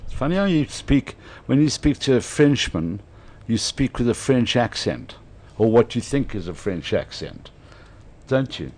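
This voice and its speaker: A man, a radio host, telling an animated anecdote in casual chat and laughing often. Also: medium pitch, unhurried.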